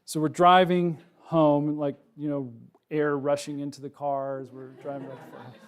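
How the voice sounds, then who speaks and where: A middle-aged man, a wildlife researcher, giving a public talk to a live audience, telling a personal story in a casual, animated way with lots of ums and likes. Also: on the high side, moderate pace. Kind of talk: public lecture with personal anecdote. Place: lecture room with a live audience.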